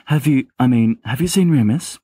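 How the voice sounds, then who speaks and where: A man's voice: medium pitch, animated, moderate pace, warm tone, husky, no echo, clean studio sound. A man voicing a reckless teenage boy who stammers and pleads in a slightly raised voice, in an amateur audiobook reading. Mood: desperate. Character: reckless, excitable teenage boy wizard Sirius.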